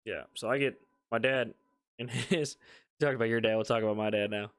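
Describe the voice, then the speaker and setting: A man's voice: medium pitch, steady tone, a little fast, clean tone. A man co-hosting a podcast, telling a rambling, amused family story in casual chat. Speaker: podcast co-host.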